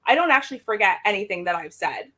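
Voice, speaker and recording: A woman hosting a heated debate, pressing with sharp and sarcastic questions. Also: mid-range voice, very animated, fast talker. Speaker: host.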